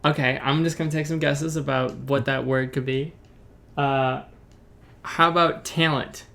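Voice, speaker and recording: A man's voice: mid-range voice, fairly even intonation, unhurried, gravelly, fairly bright tone. A young man co-hosting a podcast, thinking aloud hesitantly in casual conversation. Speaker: podcast co-host.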